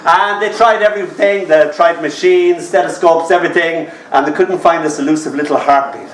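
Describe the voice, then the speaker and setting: A man's voice: on the high side, fairly even intonation, normal speed. A wry Irish man in his fifties spins comic stories in a slightly raised voice and teases the crowd as he goes. The room is echoey, and the mic sits some way off in a bar. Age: 50s. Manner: wry, chatty, teasing the audience. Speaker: storyteller. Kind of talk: live comic storytelling. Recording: roomy sound from a distant mic.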